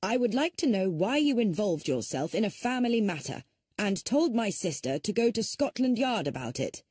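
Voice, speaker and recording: Woman doing a stiff offended middle-aged guy, husky dry read. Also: medium pitch, very animated, normal speed, a little mellow, no echo.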